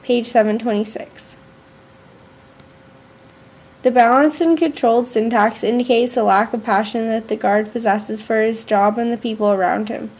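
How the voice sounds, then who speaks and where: A female student reads her school journal aloud, earnest and measured, with slow pauses. Her voice is slightly high and a bit mellow.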